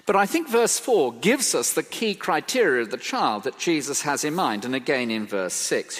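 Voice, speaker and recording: Man, preacher, lively animated delivery, long echo of a large hall. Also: a little high, moderate pace, few pauses. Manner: expressive, rhetorical questions, emphatic. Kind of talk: sermon. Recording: reverberant hall.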